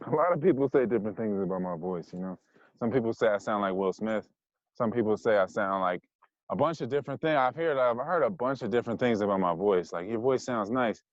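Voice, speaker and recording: A man's voice: lowish voice, lively intonation, a little fast, no room sound, lo-fi sound. A man in his thirties with a mixed American accent and a slightly nasal voice, a podcast guest talking loosely with lots of fillers. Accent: mixed American, Californian with Jersey and Detroit touches. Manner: loose and rambling, many "like" and "you know what I mean" fillers. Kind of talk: casual conversational interview.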